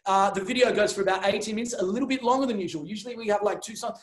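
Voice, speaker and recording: A man's voice: sits high, rapid-fire. A man hosting a live online show, chatty and joking, rambling with fillers. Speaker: host. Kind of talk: casual livestream hosting.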